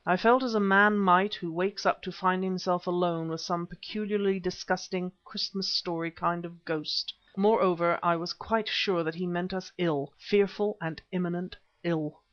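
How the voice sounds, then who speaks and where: A man narrating an adventure audiobook in a measured, first-person storytelling manner. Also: high-pitched, steady tone, a bit bright. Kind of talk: scripted narration. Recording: dull lo-fi recording.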